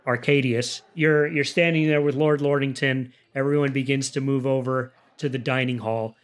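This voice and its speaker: A man narrating as game master of a tabletop game in a relaxed way. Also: medium pitch, moderate pace.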